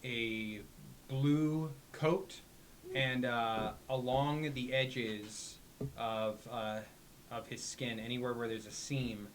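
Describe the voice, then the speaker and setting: A man describing his tabletop character haltingly, with long pauses. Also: mid-range voice, fairly even intonation, slight background noise. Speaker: player.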